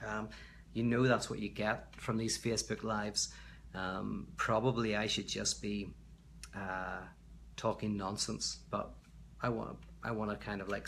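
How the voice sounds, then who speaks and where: A man's voice: fairly low pitch, creaky, a bit bright, a little hiss or hum. A man from Belfast, hosting a casual livestream from his home, chatty and rambling, reading out viewer comments. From Belfast, Northern Ireland. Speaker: livestream host. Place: at home, indoors.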